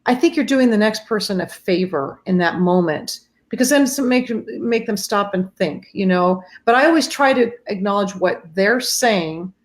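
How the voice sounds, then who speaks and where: A woman's voice: mid-range voice, lively intonation, moderate pace, few pauses. Earnest middle-aged woman hosting. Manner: earnest, speaks directly to viewers. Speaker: host. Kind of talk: casual chat on a live stream.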